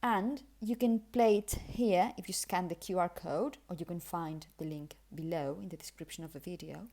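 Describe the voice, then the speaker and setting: A native Spanish speaker with a Spanish accent gives an English pronunciation lesson, explaining carefully and repeating example words. Her voice is lowish and a little mellow, at a normal speed.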